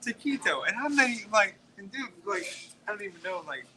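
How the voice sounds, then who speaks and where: Speaking fast and animated in a high pitch, the Texas podcast host, a man in his forties, swaps profane restaurant stories while noise fills the background. He rambles and drops "like" everywhere.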